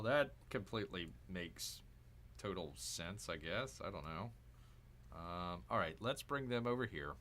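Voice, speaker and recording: Guy narrating his strategy game, slow and chatty, voice jumps all over, cheers and grumbles. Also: fairly low pitch, pushed and bright. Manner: chatty, talks to himself, cheers and groans at the game. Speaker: gaming channel host. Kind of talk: casual strategy game commentary.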